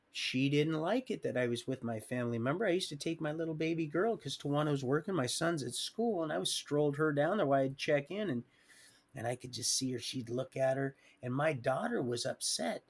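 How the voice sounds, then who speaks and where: Gravelly-voiced man telling his life story. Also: fairly high pitch. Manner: animated, swings loud and quiet, acts out quotes. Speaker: livestream storyteller. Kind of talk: rambling personal storytelling. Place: home livestream setup.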